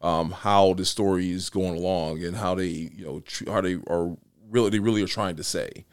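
Deep low voice guy, a judge, rambling chat with lots of "you know", dry close sound. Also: steady tone, moderate pace, clear, resonant tone, dry recording. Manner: rambling, many restarts and "you know" fillers. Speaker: county court judge, guest. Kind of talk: casual podcast conversation.

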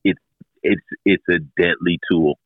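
Deep, expressive man on a dull line. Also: measured pace, dry recording. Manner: emphatic, chimes in with agreement. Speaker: podcast co-host. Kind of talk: casual chat.

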